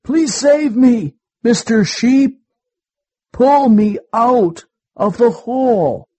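Man voicing a scheming storybook wolf, slow and husky, lively pitch. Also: full character voice. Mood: pleading. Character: hungry treacherous male wolf.

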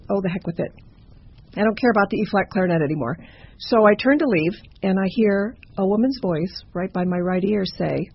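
A woman tells a campfire ghost story in a chatty, conversational way, with stumbling asides. Her voice is gravelly and slightly husky. The recording sounds dull and muffled. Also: mid-range voice.

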